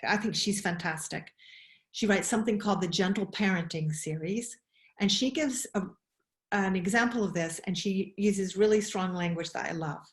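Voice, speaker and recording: A woman giving a webinar talk on child emotions, expressive, often asking questions. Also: medium pitch. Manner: expressive, acts out quoted voices, asks questions. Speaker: webinar speaker. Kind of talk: animated talk. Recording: roomy echo.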